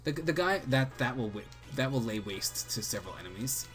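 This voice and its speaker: A man's voice: medium pitch, animated, fairly quick, fairly bright tone, soft background music. Rambling joking young man gamer. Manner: joking, rambling, self-deprecating. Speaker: co-host of a game let's play. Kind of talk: casual chat over gameplay.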